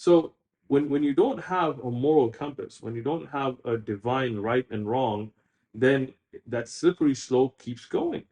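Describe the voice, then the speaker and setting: A male podcast host who talks in lively, quick bursts, his voice jumping up for emphasis. He sits at mid pitch and keeps a casual, chatty interview tone.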